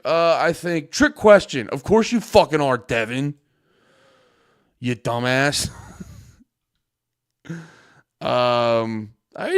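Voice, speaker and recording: A man's voice: mid-range voice, clean tone. A man hosting a livestream, rambling casually, swearing and joking. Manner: rambling, profane, joking, laughs often. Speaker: livestream host.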